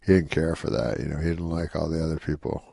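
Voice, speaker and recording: A man's voice: rumbling low, quick pace, vocal fry, warm tone, husky, no echo. A man telling a rambling anecdote in an interview, dry and full of "you know.". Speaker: guest comedian.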